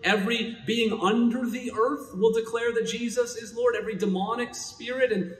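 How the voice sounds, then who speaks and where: High-voiced preacher in an echoing hall. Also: male voice, fairly even intonation. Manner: emphatic, swelling louder and quicker at high points. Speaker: pastor. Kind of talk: sermon. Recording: echoey hall with long reverb.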